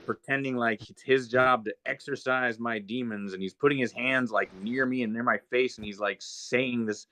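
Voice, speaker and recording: A young man tells a story on his podcast, drifting along with plenty of fillers and restarts. His talk is loose and conversational, in a middle-pitched voice that sits neither high nor low. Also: steady tone, normal speed, few pauses, pushed and bright, dry recording. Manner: laid-back rambling with many fillers. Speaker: podcast host. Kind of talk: casual storytelling chat.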